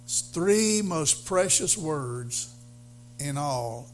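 A male pastor preaching a sermon, halting with fillers, then building to fervent emphasis. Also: on the high side, expressive, faint music behind.

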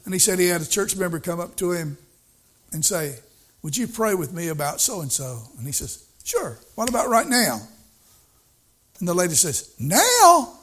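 A man's voice: a little high, brisk. A male preacher giving a sermon in a folksy, storytelling way, repeating his points for emphasis.

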